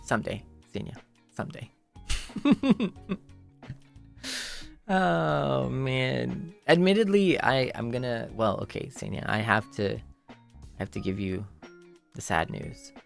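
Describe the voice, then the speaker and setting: A man's voice: mid-range voice, lively intonation, slow pace, vocal fry, long pauses, soft background music. A man chatting casually on his livestream in a playful, rambling way, full of "like" and repeated phrases.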